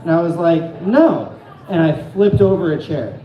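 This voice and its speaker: A man's voice: on the high side, normal speed, reverberant, lo-fi sound, noisy background. A young man from Phoenix doing stand-up storytelling, rambling and profane, with a self-deprecating streak, on a comedy club stage. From Phoenix, Arizona.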